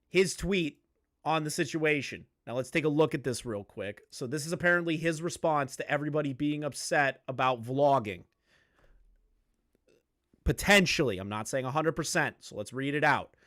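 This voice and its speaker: A man's voice: on the high side, a bit bright, dry recording. Blunt, emphatic male streamer, dry sound. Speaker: streamer commenting on online drama. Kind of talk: live-stream commentary.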